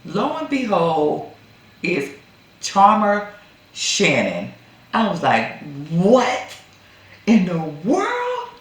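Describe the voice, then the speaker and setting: A woman casually recaps a film, acting out each character's lines. Her pitch swings widely while her pace stays unhurried. The voice rings in a very echoey room. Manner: animated storytelling, acts out characters' lines. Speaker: movie reviewer.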